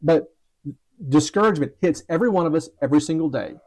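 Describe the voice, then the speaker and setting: A man's voice: a little high, quick pace, darkish tone. Earnest man giving a motivational talk. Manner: earnest, storytelling, some stammered restarts. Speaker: trading coach.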